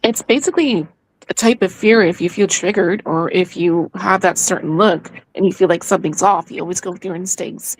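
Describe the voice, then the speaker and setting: A woman explaining things in a measured way as a co-host. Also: lowish voice, low-quality recording. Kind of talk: casual discussion.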